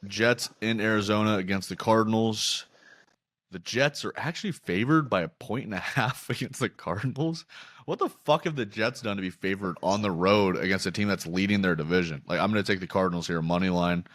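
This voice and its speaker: A young man hosting a podcast, chatting casually about sports betting with profane, animated storytelling. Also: on the low side, fairly quick, no room sound, clean studio sound. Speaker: podcast host.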